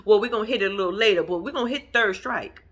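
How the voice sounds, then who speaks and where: Speaking very fast in a medium-pitched voice, a woman recaps a TV episode on her casual vlog. She swears freely and laughs throughout, lively and direct with viewers she calls "y'all."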